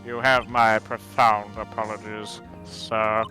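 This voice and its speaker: A man's voice: on the low side, flat delivery, takes it slowly, bright, forceful tone, faint music behind. A man voicing a proud young male prosecutor in a live fan dub of a game, formal and apologetic.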